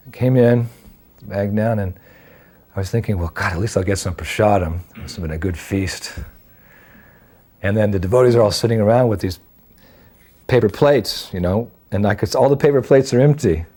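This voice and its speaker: A man in his sixties telling a personal story in an animated way, acting out the dialogue as he goes. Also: lowish voice, moderate pace, pauses often. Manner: animated storyteller who acts out dialogue and laughs at himself. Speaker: devotee sharing memories of his teacher.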